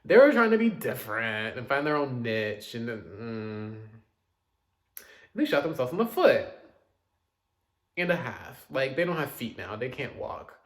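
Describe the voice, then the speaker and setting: A man casually reviewing new pop releases, chatty and dramatic, with quick asides and loud outbursts. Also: mid-range voice, lively intonation. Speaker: music reviewer.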